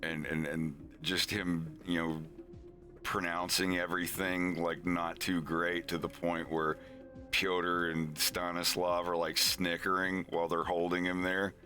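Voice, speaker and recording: A man with a deep, bright-edged voice talks slowly on a live stream. He rambles through his thoughts with many fillers and restarts. Soft music plays faintly behind him. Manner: rambling, filler-heavy, animated storytelling. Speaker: animation streamer. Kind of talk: casual live-stream chat.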